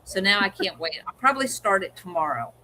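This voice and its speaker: A woman's voice: medium pitch, sing-song, a little fast, bright, forceful tone, poor audio. A middle-aged woman co-hosting a livestream, chatting casually and acting out what her family said. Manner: chatty storyteller, acts out family quotes. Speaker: co-host of a livestream. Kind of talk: casual chat.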